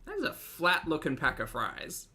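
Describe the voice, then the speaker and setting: Chatty, sarcastic man with a lively voice. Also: fairly high pitch, normal speed, faint music behind. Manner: chatty and sarcastic, laughs often. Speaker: commentary channel host. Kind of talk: casual reaction commentary.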